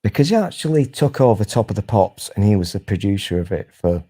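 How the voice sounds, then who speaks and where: Low, mellow man rambling. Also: animated, fast talker, husky. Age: 40s. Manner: rambling, sweary and mischievous. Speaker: host. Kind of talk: casual chat.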